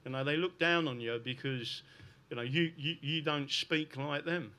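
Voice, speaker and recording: A man's voice: fairly high pitch, fairly even intonation, normal speed, pushed and bright. A middle-aged man with a South London accent giving a fervent, unscripted talk to an audience, peppering his points with "listen" and "right?". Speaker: public speaker.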